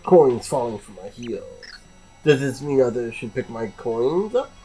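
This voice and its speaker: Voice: medium pitch, lively intonation, a little slow, mellow, slightly rough, soft background music, poor audio. A player doing a greedy coin-hoarding fighter. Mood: haughty.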